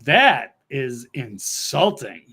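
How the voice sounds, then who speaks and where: A man's voice: medium pitch, very animated, extremely slow, very noisy. A man co-hosting a talk show, giving blunt, opinionated takes in casual chat. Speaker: co-host.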